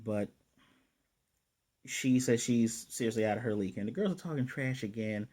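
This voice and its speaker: A man's voice: mid-range voice, moderate pace, darkish tone. A man casually recapping an anime episode in a loose, chatty way, stopping now and then to find his place. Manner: loose, chatty retelling with fillers. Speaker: anime reviewer.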